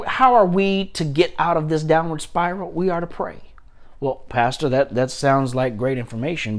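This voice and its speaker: A man, a pastor, preaching a sermon with emphatic repetition and frequent restarts. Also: a little high.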